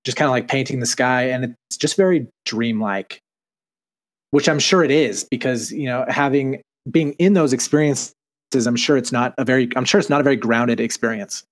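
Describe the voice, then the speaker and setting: A man's voice: mid-range voice, moderate pace. A man from Utah chatting casually as a podcast co-host, rambling with fillers and restarts. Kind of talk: casual TV recap chat.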